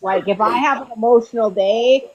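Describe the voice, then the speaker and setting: A woman's voice: on the high side, normal speed, dull audio. A woman joining a casual live stream chat, talking about herself in a self-mocking way. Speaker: guest.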